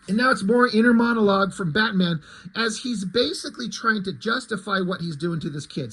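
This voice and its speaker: A man's voice: high-pitched, fairly bright tone, breathy edge, low-quality recording. A man reviewing a comic book in casual commentary, sarcastic and profane, with frequent asides.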